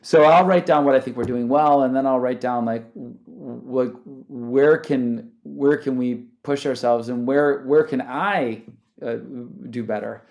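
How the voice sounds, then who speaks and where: A man's voice: medium pitch, a little slow, vocal fry, darkish tone. A man speaking as a podcast guest, talking animatedly, often restarting sentences and laughing. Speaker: guest, startup founder. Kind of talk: conversational interview.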